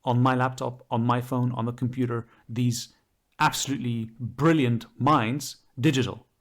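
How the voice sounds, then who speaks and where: A man's voice: mid-range voice, steady tone, moderate pace. Enthusiastic man explaining on a podcast. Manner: enthusiastic, explaining at length with fillers. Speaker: podcast co-host. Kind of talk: casual podcast chat.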